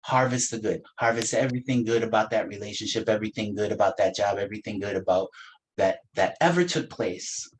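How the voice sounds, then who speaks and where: Low, gentle-voiced reverend musing slowly. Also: male voice, slight background noise, rough recording. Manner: gentle, unhurried, laughs often, playful asides. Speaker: reverend teaching a spiritual practice. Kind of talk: reflective spiritual talk.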